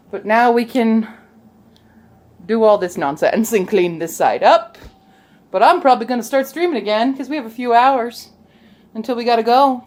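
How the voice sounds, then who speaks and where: A woman's voice: on the high side, a little mellow. Chatty woman vlogging at home. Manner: chatty, playful, talks to her dog in baby talk. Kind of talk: casual home vlog. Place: at home, in a room being set up. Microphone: camera.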